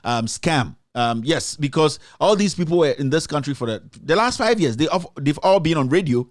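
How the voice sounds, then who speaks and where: Ghanaian male commentary host, heated and repetitive, higher voice, dry close mic. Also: lively intonation, normal speed, dry recording. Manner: impassioned, repetitive, mixes English with Twi. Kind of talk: live-streamed political commentary.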